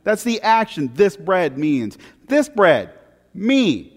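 High-voiced joking preacher in a big hall. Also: male voice, slow pace. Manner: animated and joking, with big swings from loud to very quiet. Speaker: pastor. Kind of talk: sermon.

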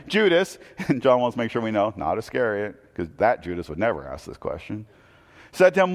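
Earnest preacher with a ringing hall echo. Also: male voice, lowish voice, wildly swooping pitch, normal speed. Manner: earnest, repeats words when starting sentences. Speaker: pastor. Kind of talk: sermon.

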